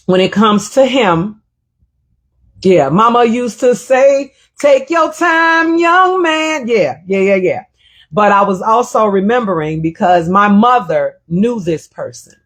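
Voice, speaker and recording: Emotional, husky-voiced woman talk host. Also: medium pitch. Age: middle-aged. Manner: reflective, emotional, repeats phrases. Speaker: show host. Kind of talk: personal storytelling monologue.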